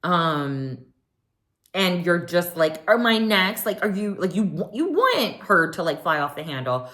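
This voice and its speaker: Low-voiced chatty woman recapping TV. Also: a little slow. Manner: chatty, animated, mimics people in quotes. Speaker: recap podcast host. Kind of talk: casual reality TV recap.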